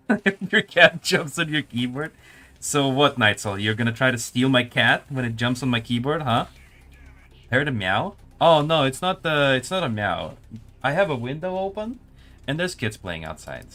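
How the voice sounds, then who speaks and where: A man's voice: mid-range voice, sing-song, normal speed, bright, forceful tone, faint music behind. A man working as a community manager, casually chatting with viewers and commenting on a match during a live stream. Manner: casual, answers chat while spectating a match.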